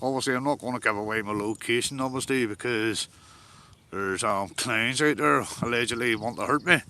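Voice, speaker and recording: A Northern Irish man chats loosely on a live stream from the side of a fishing lake, peppering his talk with swearing and replies to viewers. His voice is bright and forward, with a faint hum of outdoor sounds behind him. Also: medium pitch, brisk. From Northern Ireland. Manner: chatty, swears a lot, answers viewers' comments. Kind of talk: casual live-stream chat.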